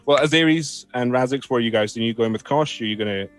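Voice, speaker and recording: A man's voice: mid-range voice, fast talker, clean tone, faint music behind. Easygoing man running a tabletop game. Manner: easygoing, laughs often, restarts phrases. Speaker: game master.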